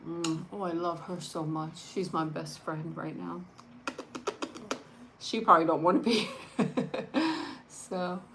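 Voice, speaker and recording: A woman hosting a casual eat-and-chat livestream, talking softly and rambling, with frequent laughs. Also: lowish voice, measured pace. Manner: chatty, soft-spoken, rambling, laughs often. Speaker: mukbang channel host.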